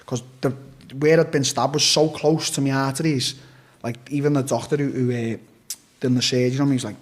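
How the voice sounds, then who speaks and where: A man's voice: mid-range voice, steady tone, fairly quick. A man, an interview guest, telling a story in a blunt, profane, casual way and acting out what people said. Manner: blunt and profane, with acted-out quotes.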